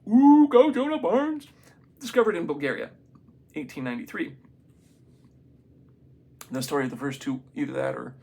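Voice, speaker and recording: A man reading a book aloud in a casual, unprofessional way, stumbling over names and adding excited comments of his own. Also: medium pitch, creaky, husky. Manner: reads haltingly, stumbles on names, adds excited asides. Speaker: amateur reader of a book.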